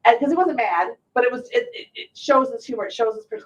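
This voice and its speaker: A middle-aged woman host with a fairly high voice tells stories animatedly, acting out other people's lines. She sounds set back from the microphone, and the recording is muffled and dull. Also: quick pace. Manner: animated storyteller, acts out quotes. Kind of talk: casual talk show chat. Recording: distant muffled mic.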